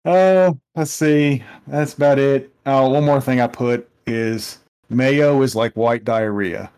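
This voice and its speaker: A man's voice: medium pitch, darkish tone, clean tone. A man co-hosting a podcast, telling rambling stories in casual chat with lots of restarts. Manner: rambling, halting storyteller. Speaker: podcast co-host.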